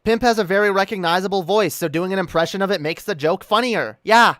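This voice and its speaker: A man's voice: sits high, brisk, hardly any pauses, fairly bright tone, no echo, clean studio sound. A man streaming casual commentary in a mocking, combative way. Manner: mocking, combative, laughs often.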